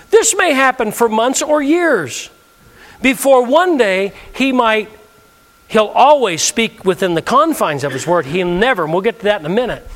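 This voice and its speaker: A man's voice: extremely high pitch, fairly bright tone. A male pastor preaching a sermon, leading the congregation in call-and-response with emphatic delivery. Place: church sanctuary.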